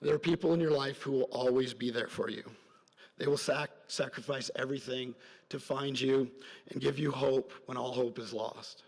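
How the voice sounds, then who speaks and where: A middle-aged father tells his graduation speech as a story in a large ceremony hall, with medium pitch, fairly even intonation, moderate pace, and vocal fry. Earnest, he wanders into side stories and softens at emotional moments, and the venue adds long reverb.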